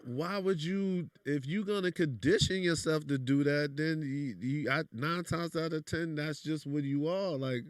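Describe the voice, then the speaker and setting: A man's voice: on the high side, a little slow, few pauses, dry recording, clean studio sound. A man from New York with a New York accent, speaking bluntly in casual podcast chat. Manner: blunt, streetwise, repeats "you know what I'm saying". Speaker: podcast guest.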